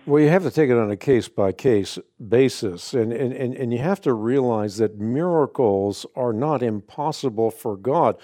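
A man hosting a call-in radio show, explaining scripture to callers in a measured, authoritative way. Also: medium pitch, warm tone, dry recording, studio quality. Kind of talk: call-in Bible answer radio.

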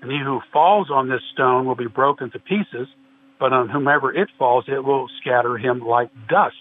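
A man's voice: medium pitch, normal speed. A man guest in a religious discussion, earnestly explaining and quoting scripture at length. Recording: tinny phone-like line with faint hiss.

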